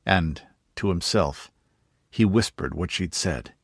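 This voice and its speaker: An audiobook narrator, a man with a low, husky voice, reads a fantasy novel aloud in slow, steady, scripted narration. The recording is dry and close, with no echo.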